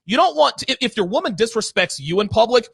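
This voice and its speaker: Animated high-pitched man, gravelly and bright. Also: quick pace, no room sound. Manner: blunt, emphatic, profane storytelling. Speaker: podcast host. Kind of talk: casual chat.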